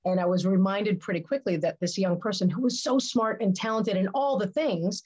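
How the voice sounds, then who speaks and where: A woman's voice: medium pitch, a little fast, a little mellow, husky, rough recording. Earnest woman telling her career story. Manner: earnest, reflective storytelling with many restarts. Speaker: interview guest, business leader. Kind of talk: conversational interview.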